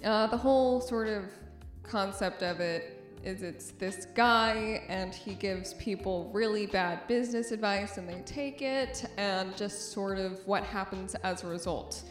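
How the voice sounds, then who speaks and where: A young woman talks through her podcast in an easy, chatty way, with a slightly rough morning voice. She jokes at her own expense and laughs often. Her voice has a mid-range pitch and rings a little in the room. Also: a little slow, echoey room, soft background music. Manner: chatty, self-deprecating, laughs easily. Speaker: podcast host. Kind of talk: casual podcast monologue.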